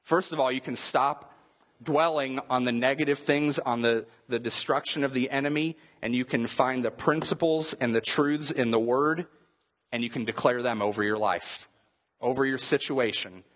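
A man's voice: medium pitch, normal speed, fairly bright tone. Emphatic man preaching in a reverberant hall. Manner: repetitive, emphatic preaching with restarts. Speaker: pastor. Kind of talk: sermon.

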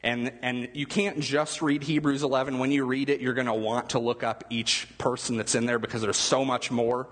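A man's voice: mid-range voice, level tone, normal speed, hardly any pauses. Man preaching in a reverberant hall. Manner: conversational, asks the room questions. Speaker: pastor. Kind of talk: sermon.

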